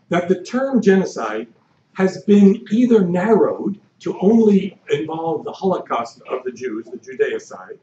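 Older male historian, dry measured lecture voice, mellow tone, echoey far-off lo-fi hall recording. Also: a little high, slight background noise. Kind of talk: academic lecture. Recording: echoey hall, distant mic, dull lo-fi.

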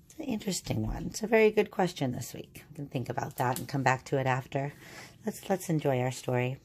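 A woman's voice: a bass voice, animated, brisk, darkish tone, breathy edge. A woman teacher introducing a read-aloud story, patiently explaining things step by step for young children.

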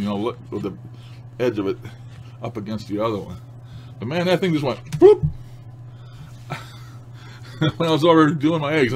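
A paranormal vlogger chats casually to the camera from home about odd happenings. His voice is on the high side, with slight background noise, and he rambles in a folksy way, with loose grammar and plenty of chuckles.

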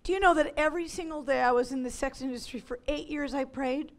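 A woman with a high, light voice pours out her testimony to an audience as a ministry leader. She talks with great animation, rising to loud cries and then dropping to near-whispers, like a passionate preacher sharing her story. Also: fast talker. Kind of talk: emotional testimony talk to an audience.

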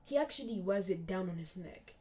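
A woman's voice: fairly low pitch, lively intonation, fairly quick, warm tone. A young woman casually narrating a fan-made anime story, often dropping to a near whisper.

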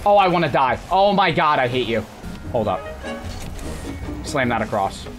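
A young man streaming a video game on a headset mic, frustrated and cursing, often breaking into angry shouts. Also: mid-range voice, sing-song, normal speed. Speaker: gaming streamer. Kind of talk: live gameplay commentary. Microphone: gaming headset. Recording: game music playing behind the voice. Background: game music.

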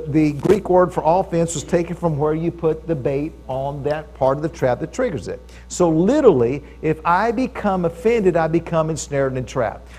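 Male preacher, fairly high voice, conversational sermon, checks in with the congregation. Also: dark tone. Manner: conversational preaching, stresses key phrases, often asks the audience for agreement. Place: church service with audience.

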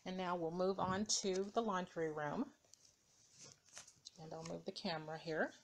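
A woman's voice: fairly low pitch, fairly even intonation, unhurried, a little hiss or hum. A woman showing her dollhouse rooms in a casual, hesitant narration full of ums and uhs, filmed indoors on a camera mic. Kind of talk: casual show-and-tell narration. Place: indoors beside a dollhouse, camera moved by hand.

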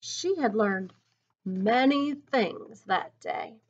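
A woman reading a picture book aloud in an expressive, teacherly way, pausing to think aloud about the story. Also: medium pitch, gravelly, husky. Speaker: storybook reader. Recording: dull lo-fi recording.

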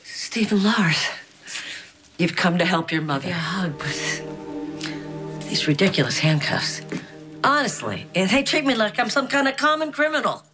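A woman's voice: mid-range voice, expressive, a little slow, pauses often, fairly bright tone, faint music behind. An actress playing a haughty, manipulative middle-aged mother who justifies her crimes, in soap opera style. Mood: coaxing. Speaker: mother held in custody.

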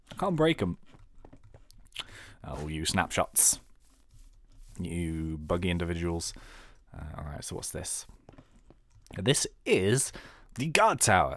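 Chatty, joking British young man. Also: low voice. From Britain. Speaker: game let's-player. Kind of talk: casual gameplay commentary.

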